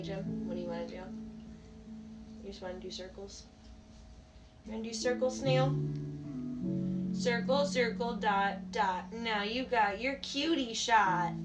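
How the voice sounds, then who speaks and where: A woman live streaming from home on a phone held in her hand, cooing affectionately to her pets in casual baby talk, with loud music playing behind her. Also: medium pitch, low-quality recording. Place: home, indoors.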